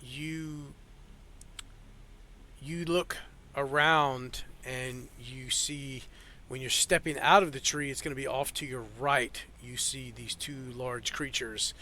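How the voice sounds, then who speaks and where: A man narrating a tabletop game as game master over an online call, in a loose, halting way full of fillers. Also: medium pitch, bright, forceful tone, slight background noise.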